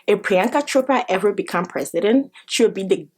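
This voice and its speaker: A woman vlogger telling a story in an excitable, animated way, repeating phrases and swearing now and then. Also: medium pitch, brisk, husky. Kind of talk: casual vlog storytelling.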